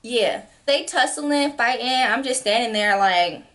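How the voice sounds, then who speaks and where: A woman in her twenties telling a storytime vlog, animated and acting out quotes with sudden jumps in pitch. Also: a little slow. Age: 20s. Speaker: vlogger. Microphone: camera mic.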